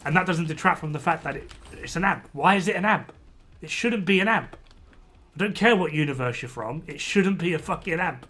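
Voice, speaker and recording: A man gives casual gameplay commentary to his stream chat. His voice sits a little high and comes out bright and forceful as he rants about game balance. He swears freely and sounds thoroughly exasperated. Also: a little fast.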